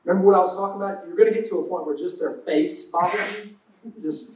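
A high-voiced man preaches in a loose, joking way, slipping into quick acted-out asides. His voice rings around a roomy church space and sits a little back from the mic. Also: darkish tone, recorded from a distance. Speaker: pastor. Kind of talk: sermon.

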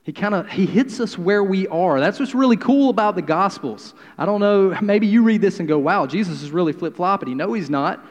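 A man preaching a sermon, swinging from hushed, quiet passages to loud, emphatic declarations. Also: high voice, expressive, moderate pace, hardly any pauses. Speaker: pastor. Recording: long hall reverb.

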